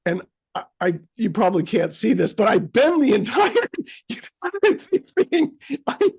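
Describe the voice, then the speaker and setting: Man, storytelling, casual chat, gravelly, very lively pitch, animated. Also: slow pace. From United States. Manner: animated, acts out beeps and his own frustration. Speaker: co-host.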